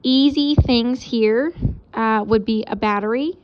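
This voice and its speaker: A woman teacher giving a casual recorded lesson, explaining out loud while she sketches examples. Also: a little high, unhurried, muffled recording.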